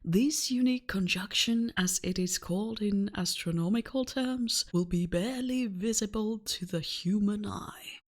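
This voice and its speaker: A woman's voice: medium pitch, a little slow, few pauses, a little mellow, close to an everyday voice. Woman doing a vintage newsreader. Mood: formal. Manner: formal, declamatory reading.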